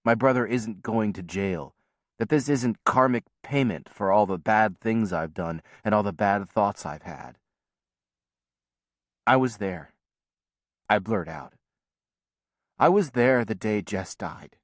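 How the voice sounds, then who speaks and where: A man reading a novel aloud as first-person audiobook narration, in a measured, quiet storytelling manner. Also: lowish voice, lively intonation, dry recording, clean studio sound.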